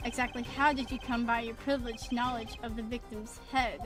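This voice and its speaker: A woman voicing a suave, calm male defense lawyer, reading the lines in a measured way. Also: on the high side, over music, natural voice. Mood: composed.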